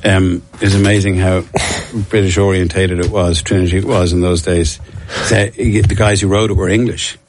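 Low-voiced Dublin man spinning yarns. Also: fairly even intonation, moderate pace, a little hiss or hum. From Ireland. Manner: rambling, self-deprecating, frequent restarts and laughs. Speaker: actor, interview guest. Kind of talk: casual storytelling interview.

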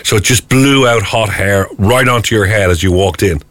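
A man's voice: fairly low pitch, fairly bright tone, no echo. A man with an Irish accent hosting a breakfast radio show, chatty and jokey as he takes listener calls. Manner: chatty, jokey, quick-talking. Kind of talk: casual radio chat taking listener calls.

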